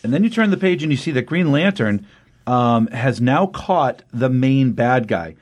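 A man's voice: mid-range voice, animated, normal speed. A man casually retelling a comic book story, rambling with many ums and restarts and briefly acting out the characters' lines. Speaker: podcast host recapping a comic. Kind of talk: casual spoken recap.

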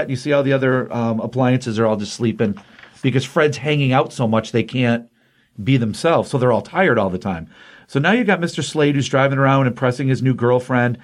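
A man's voice: mid-range voice, normal speed. Chatty man recapping a comic book. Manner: chatty, rambling, acts out quotes. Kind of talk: casual spoken comic recap.

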